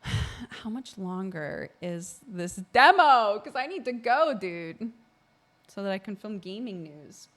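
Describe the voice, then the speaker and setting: A woman's voice: mid-range voice, expressive, slow, a bit bright. A woman streamer chatting casually while playing a game, with giggly asides. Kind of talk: live game-playing chat. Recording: faint game music behind.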